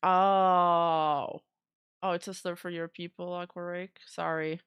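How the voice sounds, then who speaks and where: A woman's voice: fairly low pitch, flat delivery, slow pace, clear, resonant tone, no room sound, dull audio. A woman streamer giving casual reaction commentary in a giggly, chatty way.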